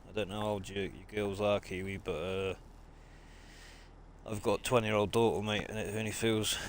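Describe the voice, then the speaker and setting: A man's voice: lowish voice, level tone, moderate pace, a little hiss or hum. A man, chatting casually with viewers on a live game stream and greeting them as mate. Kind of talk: live-stream chat while gaming.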